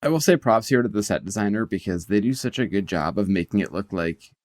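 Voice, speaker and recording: Low-voiced, laid-back man chatting. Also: animated, fast talker, a little mellow, no echo, studio quality. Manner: laid-back, swears casually. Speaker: podcast co-host. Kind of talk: casual chat.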